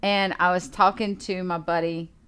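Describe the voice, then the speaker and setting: A woman's voice: lowish voice, moderate pace, clean tone. A woman, co-hosting a podcast and telling a story in casual chat, acting out the other people's lines. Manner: animated storyteller acting out quoted dialogue. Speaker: podcast co-host.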